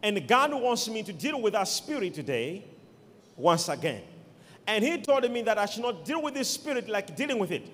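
Male preacher, high and very lively pitch, emphatic and repetitive, long reverb of a hall. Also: moderate pace. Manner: emphatic, repeats key words, calls for responses. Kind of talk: sermon.

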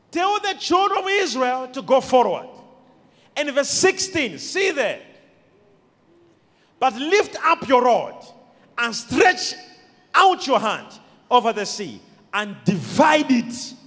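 High, lively-voiced preacher in echoey hall. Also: male voice. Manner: emphatic preaching with sudden shouted peaks and quiet asides. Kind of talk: sermon.

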